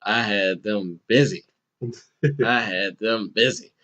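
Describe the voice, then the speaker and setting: Animated male podcast host telling stories. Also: takes it slowly, lo-fi sound. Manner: animated, acts out quoted voices with bursts of pitch. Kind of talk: casual storytelling chat.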